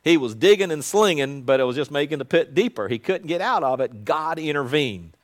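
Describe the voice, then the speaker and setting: A male pastor preaching a sermon in an earnest, conversational way that swells into loud proclamation. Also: on the high side, expressive, brisk.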